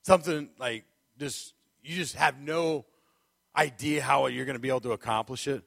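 Guest preacher, male, lively storyteller with a comic streak, dry close sound. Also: mid-range voice, normal speed, vocal fry, dry recording. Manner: animated storyteller, laughs often, acts out moments. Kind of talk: sermon with a comic personal story.

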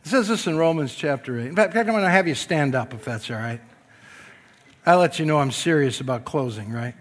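High-voiced preacher swinging loud to soft. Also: male voice, lively intonation, a little fast, long reverb tail. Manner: jokes with the congregation. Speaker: pastor. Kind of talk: sermon. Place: church before a congregation.

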